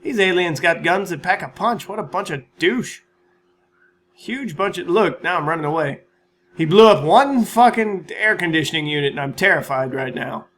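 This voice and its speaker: Man, gaming channel host, slightly high voice, bright and forceful, rambling, self-mocking, swears a lot, casual commentary. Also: lively intonation, moderate pace, long pauses, a little hiss or hum. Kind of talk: casual let's-play commentary and channel update.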